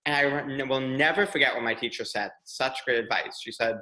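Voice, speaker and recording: Bright-voiced young man telling stories. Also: medium pitch, fairly quick, few pauses, low-quality recording. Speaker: podcast guest, PR consultant. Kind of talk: candid conversational storytelling.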